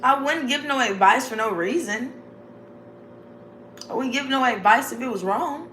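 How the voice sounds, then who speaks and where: Speaking at a moderate pace in a high-pitched, fairly bright voice, this woman vlogger gives her viewers an informal, wandering pep talk. She keeps breaking into laughter and calls them "y'all" and "babes." The recording has an echoey room sound and faint background noise.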